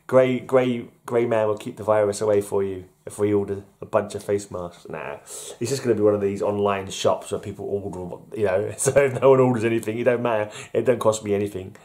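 A man's voice: fairly low pitch, fairly even intonation, moderate pace, darkish tone. A middle-aged man hosting a casual vlog, rambling and chuckling at himself. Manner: rambling, chuckling, self-deprecating. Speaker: vlog host. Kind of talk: casual solo vlog chat.

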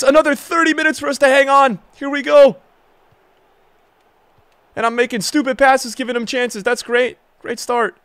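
A young man commentating his own football video game match as a streamer, swinging from low muttering to loud outbursts. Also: steady tone, normal speed, pauses often, clear, resonant tone, dry recording, clean studio sound. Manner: emotional, swings from muttering to shouting. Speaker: gaming streamer. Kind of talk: live gameplay commentary.

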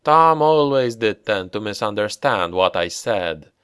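A man reading the part of a dead father who returns, speaking slowly and gently like a patient old dad. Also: lowish voice, expressive, clear, resonant tone, dry recording, clean studio sound. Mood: calm. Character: calm, ghostly older father smoking a pipe.

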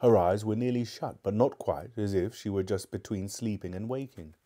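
Male live-stream reader, relaxed low tone, friendly asides between story passages. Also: moderate pace. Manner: chatty and appreciative asides. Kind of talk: reading aloud live and chatting with viewers.

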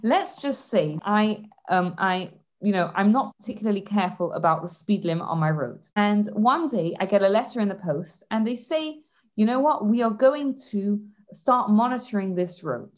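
A woman hosting a parenting podcast, explaining ideas through lively stories with frequent restarts. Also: medium pitch, normal speed. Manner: animated storytelling with frequent restarts. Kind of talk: instructive podcast monologue.

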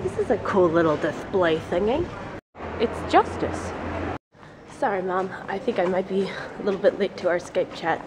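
A young woman chatting excitedly as she walks and narrates her travel vlog outdoors, recorded on a handheld camera. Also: mid-range voice, moderate pace. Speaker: vlogger. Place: city streets and gardens outdoors. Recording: handheld camera outdoors with loud street noise.

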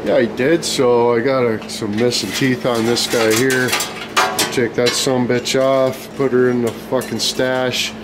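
A man rambles to the camera in a rowdy, swear-filled vlog. His voice sits at a middling pitch. Clear background noise from engines and machinery runs under the recording. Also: flat delivery, measured pace. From Canada. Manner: profane, rowdy banter with loud outbursts. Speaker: vlogger. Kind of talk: casual vlog chat.

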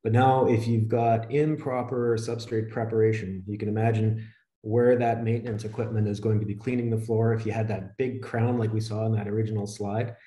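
A man with a fairly low, mellow voice presents slides in a steady, conversational manner. His voice carries a noticeable echo from the room. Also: a little fast. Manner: steady explanatory delivery, conversational. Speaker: webinar presenter on flooring.

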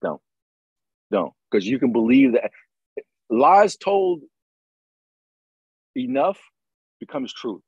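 Middle-aged male host, husky, emphatic and motivational, dry close sound. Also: medium pitch, big pitch swings, slow, long pauses, darkish tone, no room sound, lo-fi sound. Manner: emphatic, motivational, repeats phrases. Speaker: podcast host, retired Green Beret. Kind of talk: casual conversation.

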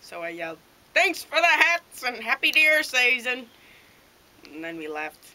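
Woman doing deadpan rural hunter guy. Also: mid-range voice, moderate pace, lightly acted, poor audio. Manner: deadpan rambling storytelling. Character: dim cheerful male rural deer hunter. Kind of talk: improvised comedy sketch.

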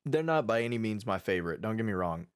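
Slangy young Texan man, low voice. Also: lively intonation, fast, no room sound, clean studio sound. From Texas. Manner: casual, swears freely, slangy. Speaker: podcast co-host. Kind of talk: casual chat.

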